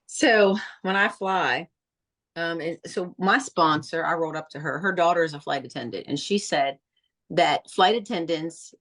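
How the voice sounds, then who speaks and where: A woman's voice: on the low side, moderate pace, fairly bright tone. A woman in casual chat, telling stories animatedly and acting out the voices of the people she quotes. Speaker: direct sales consultant.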